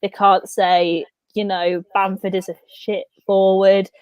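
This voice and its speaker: A woman's voice: mid-range voice, flat delivery, slow, darkish tone, smooth, dry recording, muffled recording. A woman co-hosting a casual football chat show, talking in an enthusiastic, rambling way. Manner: enthusiastic, rambling, says "do you know what I mean". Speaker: podcast co-host.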